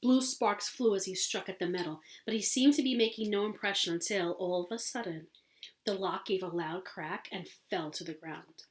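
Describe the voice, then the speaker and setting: A woman reading a novel chapter aloud in an expressive, dramatic way, with small slips and restarts. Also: medium pitch, normal speed. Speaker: audiobook reader.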